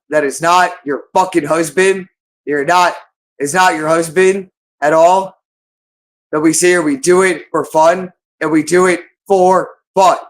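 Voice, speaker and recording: A woman ranting angrily on camera, accusing and swearing heavily. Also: sits low. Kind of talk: angry monologue.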